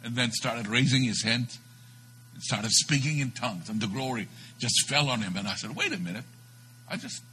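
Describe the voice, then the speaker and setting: Preaching at a normal speed in a medium-pitched voice, a man narrates a story whose volume lurches between loud outbursts and quiet, hushed passages. The recording is rough, with slight background noise.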